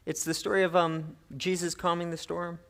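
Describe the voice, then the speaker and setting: A middle-aged man preaching a sermon in an animated, conversational way, with playful asides to the congregation. His voice sits high for a man. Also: moderate pace, vocal fry. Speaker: pastor.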